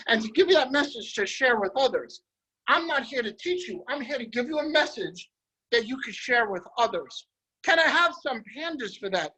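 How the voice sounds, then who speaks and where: A man leading a guided visualization on a group video call, energetic and emphatic, repeating his phrases. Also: very high-pitched, low-quality recording. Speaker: motivational speaker.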